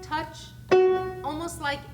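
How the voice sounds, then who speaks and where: In an echoey recital hall, a woman piano teacher leads a masterclass, coaching a student while the piano plays loudly. Her high-pitched voice takes things slowly, and she animatedly sings and counts along with the music.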